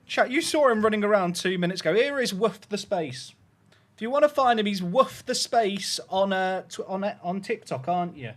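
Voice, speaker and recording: A man's voice: high voice, expressive, moderate pace, a bit bright, dry recording. A man live-streaming and chatting casually, rambling and cutting himself off mid-word, cooing at his puppy between remarks. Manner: rambling, chatty, self-interrupting; coos affectionately at his puppy.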